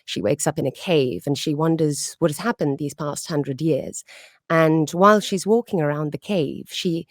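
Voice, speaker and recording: A woman voicing an old-world female vampire in a slow, low, hushed delivery. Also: dry recording, clean studio sound, lightly acted. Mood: brooding.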